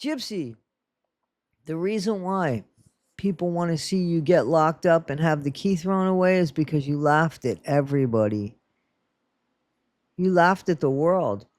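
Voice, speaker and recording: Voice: medium pitch, measured pace, long pauses, a little mellow, dry recording. A speaker in their sixties ranting through blunt, profane, scolding true crime commentary. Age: 60s. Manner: sarcastic, scolding.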